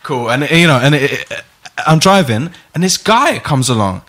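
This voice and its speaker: A young English man hosting a podcast, telling a story in animated casual chat, laughing, swearing and acting out the people in it. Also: on the high side, moderate pace. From England. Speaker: podcast host.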